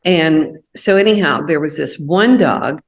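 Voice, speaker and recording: A woman's voice: low voice, expressive, a little slow. A woman telling personal stories in a casual chat, acting out the voices of the people she quotes. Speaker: co-host.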